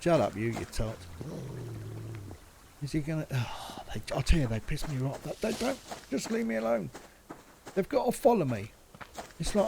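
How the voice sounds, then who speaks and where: A man gives running commentary on a survival game, muttering to himself and swearing mildly. His voice sits a touch high but has a gravelly, crackly edge. A clear hiss of noise runs under the recording. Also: expressive, moderate pace, pauses often. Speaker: gaming channel host.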